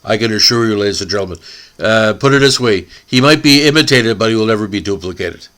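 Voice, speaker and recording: A man from Canada hosting a hockey podcast, emotional and tearful, halting and repeating words as he speaks. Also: lowish voice, lively intonation, fairly bright tone. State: crying.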